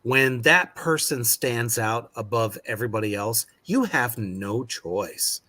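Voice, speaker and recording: A man in casual podcast chat, talking slowly and emphatically about acting work and swearing freely. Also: mid-range voice, animated, sharp tone. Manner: slow, emphatic, swears a lot. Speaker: actor guest.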